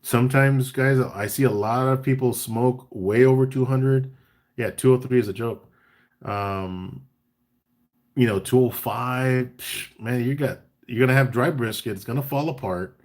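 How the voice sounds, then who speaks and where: A man hosting a casual live-stream chat. He talks in a relaxed, chatty way, reads out viewer comments and gives tips between bits of banter. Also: medium pitch, unhurried. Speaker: barbecue caterer and live chat host.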